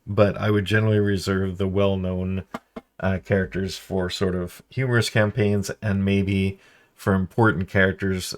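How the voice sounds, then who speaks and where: A man chatting casually as a game master host, easygoing and meandering. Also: deep voice. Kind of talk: casual instructional chat.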